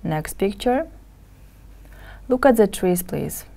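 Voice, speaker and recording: A woman's voice: mid-range voice, lively intonation, creaky, warm tone. A woman teaching English in a televised lesson. She sounds each word out carefully and repeats it for students to copy. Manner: slow, careful drills with repeated words.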